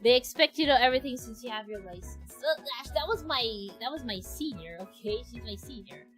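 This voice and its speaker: A woman's voice: a little high, animated, brisk, over music, low-quality recording. A young woman, a doctor chatting casually on stream and rambling through a story with many restarts.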